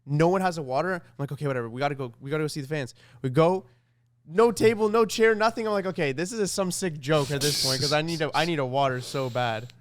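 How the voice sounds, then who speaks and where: A young man co-hosting a casual podcast, rambling through animated stories with quoted asides. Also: fairly high pitch, fast, hardly any pauses, dry recording. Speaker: podcast co-host.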